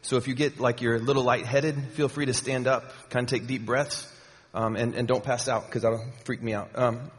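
Casual preacher in a reverberant church hall. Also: male voice, medium pitch, steady tone, normal speed. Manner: conversational, with many fillers and repeats. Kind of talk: sermon. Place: church sanctuary.

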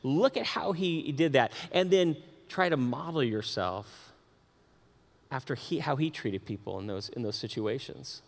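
A man preaching a sermon, animated, with frequent repeated words and asides to the congregation. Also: mid-range voice, measured pace, creaky, long reverb tail. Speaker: pastor.

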